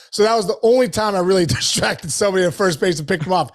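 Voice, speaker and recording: A man, a former ballplayer, telling stories on a podcast in a loose, animated way full of "dude" and "like.". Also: high-pitched, quick pace. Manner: animated storyteller, lots of "dude" and "like". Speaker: guest, former baseball player. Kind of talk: casual storytelling chat.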